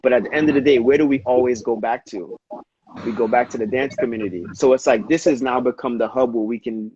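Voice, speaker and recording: A man in casual conversation, spinning a story with loose, slangy energy and a mid-range pitch. The audio is slightly dull and lo-fi, with a faint hiss of noise underneath. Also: fast talker. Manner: slangy, animated storyteller, frequent "yo" and "you know what I mean". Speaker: dancer and podcast co-host.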